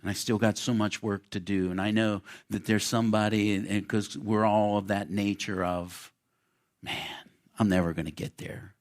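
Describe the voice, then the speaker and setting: Low-voiced man preaching earnestly. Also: flat delivery, normal speed, hardly any pauses. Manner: earnest, repetitive storytelling with personal testimony. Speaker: pastor. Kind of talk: sermon. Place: church sanctuary.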